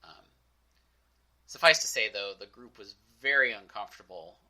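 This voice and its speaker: Low, bright-toned man telling his story. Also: expressive, normal speed, poor audio. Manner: candid, reflective, with frequent fillers. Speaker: podcast host. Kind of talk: personal storytelling monologue.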